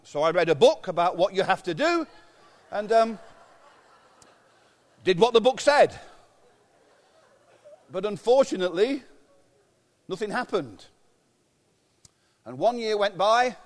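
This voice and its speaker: English man, pastor, sermon in church, joking self-mocking stories, high voice, long hall echo. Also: big pitch swings, slow, long pauses. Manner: humorous, self-mocking storytelling.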